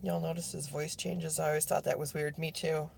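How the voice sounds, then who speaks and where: Broadcasting live from her workplace, a woman vlogger with a deep, gravelly, husky voice and a darkish tone speaks fairly quickly with little pitch movement. She's blunt and profane, addressing viewers directly by name as she responds to their comments.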